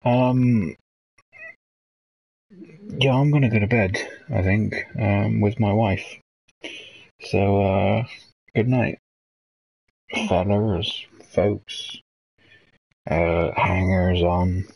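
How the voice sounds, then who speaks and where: A man's voice: lowish voice, fairly even intonation, very slow, gravelly, long pauses, a little mellow, poor audio. A young man hosting a casual late-night livestream, rambling and hesitant as he reads out chat messages. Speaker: livestream host.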